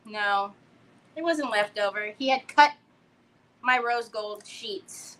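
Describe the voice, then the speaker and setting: A middle-aged woman hosting a crafting livestream, telling a story with animated energy and greeting viewers by name. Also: fairly high pitch, takes it slowly, low-quality recording.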